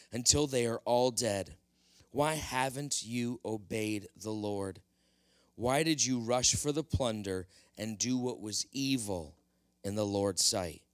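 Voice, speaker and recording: A man's voice: medium pitch, no echo, clean studio sound, natural voice. A man voicing a stern prophet in a sermon retelling, grave and reproachful. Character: stern older male prophet rebuking. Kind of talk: sermon storytelling.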